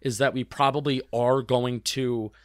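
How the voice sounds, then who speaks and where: A young man co-hosting a casual sports podcast, chatty and quick to agree, often restarting his sentences. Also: medium pitch, level tone, no echo, studio quality. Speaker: podcast co-host.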